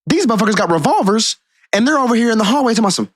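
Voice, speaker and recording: A man co-hosting a podcast in casual chat, telling stories in a profane, animated way. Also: very high voice, very fast, no echo. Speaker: podcast co-host.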